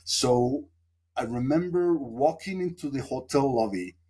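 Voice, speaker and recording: Warm and husky, his mid-range voice moves at a measured pace. The speaker, a man from Mexico, is a podcast guest reflecting at length on a story in a relaxed interview, rambling and using many fillers.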